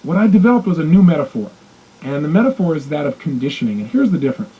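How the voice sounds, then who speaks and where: A man coaching in a self-help audio program, telling animated stories and acting out the dialogue. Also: a little high, fast talker, breathy edge, narrow, tinny audio. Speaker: motivational coach.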